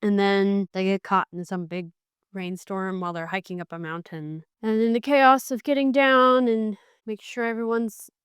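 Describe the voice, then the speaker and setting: A young woman chatting casually as she reviews a book, animated and wry, often restarting her sentences. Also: medium pitch, clear, resonant tone, no room sound, studio quality.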